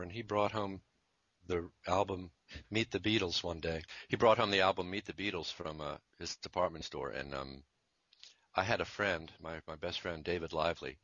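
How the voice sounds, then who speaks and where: A very low-pitched man in his fifties tells stories in an easygoing interview, chuckling and doubling back on himself as he goes. His voice has a bright, forceful edge. The recording is dry and a little dull. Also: dry recording. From Virginia, USA. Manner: rambling, chuckling, self-interrupting. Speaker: jingle composer and musician. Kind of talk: conversational interview storytelling.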